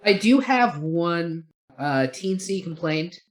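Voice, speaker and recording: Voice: mid-range voice, animated, takes it slowly. A podcast co-host in casual film review chat, rambling and opinionated, swearing casually.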